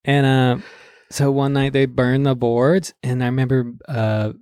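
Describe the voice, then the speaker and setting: Podcast host, male, lively raconteur who jumps into high voices for quotes; dry studio sound. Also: unhurried, clear, resonant tone, dry recording. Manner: animated storyteller, acts out quotes with big pitch jumps, laughs often. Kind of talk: casual storytelling chat.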